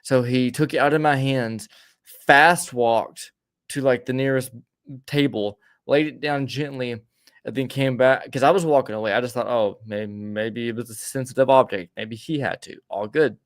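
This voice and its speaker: A man in casual podcast chat, trailing off and stammering through restarts as he tells a rambling story. His voice sits at an ordinary middle pitch. It is recorded dry and close, with no room sound around it. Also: fairly even intonation, moderate pace, dry recording. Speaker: podcast co-host.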